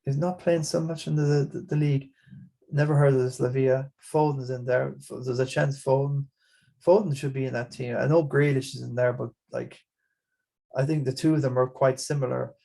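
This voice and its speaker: A man's voice: medium pitch, fairly even intonation, moderate pace, creaky, warm tone. A man with an Irish accent hosting a casual fantasy football chat, rambling along with frequent restarts and repeated words. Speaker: podcast host.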